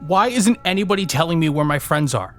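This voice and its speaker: A man's voice: fairly high pitch, lively intonation, fairly quick, soft background music. Hesitant, polite male player. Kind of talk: playing a tabletop game in character.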